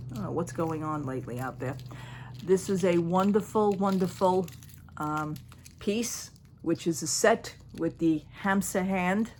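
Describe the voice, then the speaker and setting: A woman's voice: sits low, slight background noise. A woman in casual show-and-tell chat, rambling and restarting as she shows off bargain jewelry. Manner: chatty, rambling, with frequent restarts and fillers. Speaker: haul vlogger.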